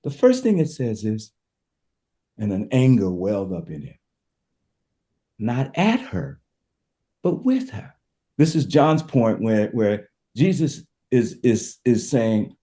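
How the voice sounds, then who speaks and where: Impassioned pastor with a lively, warm voice. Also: male voice, mid-range voice, slow, long pauses. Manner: emphatic, repeats words as he builds a point. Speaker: pastor, guest. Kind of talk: impassioned preacher-style storytelling.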